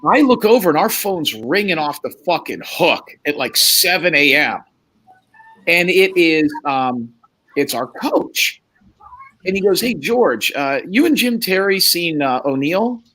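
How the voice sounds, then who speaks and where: A man's voice: fairly high pitch, sing-song, unhurried, bright, forceful tone, low-quality recording. A man telling a wild story in a casual chat, acting out the other people's lines and swearing freely. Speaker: podcast guest.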